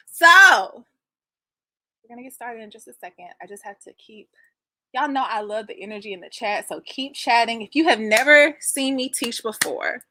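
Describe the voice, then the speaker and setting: A woman's voice: a little high, pushed and bright, no echo. A woman in her thirties hosting an online class livestream, chatting with viewers in a bubbly, effusive way and greeting them by name. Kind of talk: casual livestream chat with viewers.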